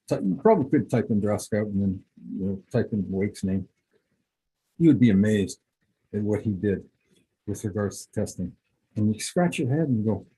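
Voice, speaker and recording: A man's voice: fairly low pitch, mellow, slightly rough, rough recording. A middle-aged man, a football scout, giving a casual, rambling clinic talk full of anecdotes.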